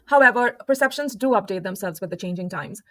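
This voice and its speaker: A woman from India giving a calm, measured scripted narration for an explainer video. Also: mid-range voice, no echo.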